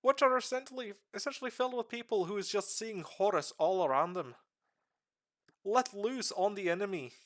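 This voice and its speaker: A man lecturing on a livestream in a put-on Irish accent that slips toward Scottish, excitable and swearing. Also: normal speed. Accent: put-on Irish, slipping into Scottish. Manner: excitable, swearing, sudden pitch jumps. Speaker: streamer giving a lore lecture.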